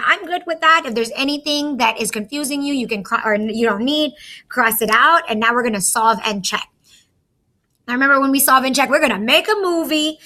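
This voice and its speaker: A woman's voice: on the high side, sharp tone. A woman teacher patiently walking young students through a math lesson step by step.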